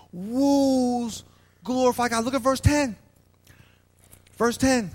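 A man preaching a lively sermon as pastor, acting out small scenes and calling on the congregation to answer him. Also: extremely high pitch, slow, pauses often. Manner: animated preaching, plays out little scenes and asks the crowd to respond. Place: church hall. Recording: long hall reverb.

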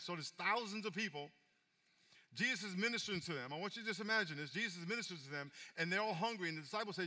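A man pastor delivering a sermon, his voice pitched high and very bright. He drops to a hushed, intimate tone, then climbs to loud calls and asks the congregation for amens. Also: big-room sound. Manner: call-and-response preaching, swings from hushed to loud.

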